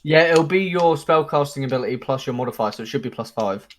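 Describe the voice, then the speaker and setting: A man at the gaming table, excitable, swearing and laughing as he goes. He explains the rules in plain, quick terms. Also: mid-range voice. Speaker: player. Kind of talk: casual tabletop game chat.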